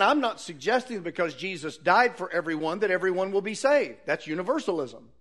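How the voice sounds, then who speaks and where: A man's voice: high voice, fairly bright tone. A man preaching a sermon, reading Bible verses aloud and arguing his point earnestly with rhetorical questions.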